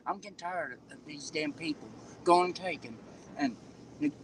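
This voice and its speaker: A frustrated man talking outdoors on a street, halting and swearing as he complains. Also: fairly high pitch, slight background noise, poor audio. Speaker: homeless man interviewed on the street.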